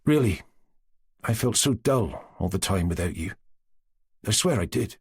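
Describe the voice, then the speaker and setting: A man voicing a young male Cossack suitor who pleads earnestly, with a lively, husky voice. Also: on the low side, measured pace, heavily acted. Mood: coaxing.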